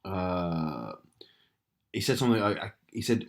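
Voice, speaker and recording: A man's voice: lowish voice, expressive, normal speed, long pauses. A man with a Northern Irish accent, co-hosting a podcast and recounting stories in a wry, casual way. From Northern Ireland. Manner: wry, laughs at his own stories. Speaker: podcast co-host. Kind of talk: casual chat.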